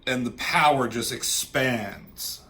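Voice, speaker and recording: A man chats casually about a comic storyline, rambling and excited, with casual swearing. His voice is bright and forward, and a faint hum of ambience sits underneath. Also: medium pitch, slow. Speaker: comic book reviewer. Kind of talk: casual chat.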